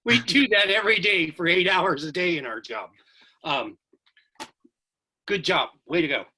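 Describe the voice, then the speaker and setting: A man's voice: high-pitched, unhurried, pushed and bright, breathy edge. A man taking part in an online class, wry and upbeat as he answers the teacher. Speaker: workshop participant.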